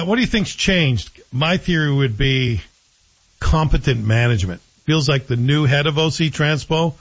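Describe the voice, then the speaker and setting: Male host, casual talk radio, wry asides, lo-fi studio audio. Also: mid-range voice. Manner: chatty, self-deprecating, joking asides. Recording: dull radio broadcast.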